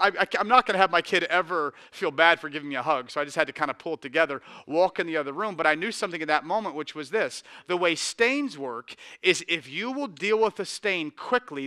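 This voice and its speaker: Bright, animated male pastor preaching. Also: on the high side, clear, resonant tone, no room sound, clean studio sound. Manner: animated storytelling with shifts between quiet intensity and loud energy. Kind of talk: sermon.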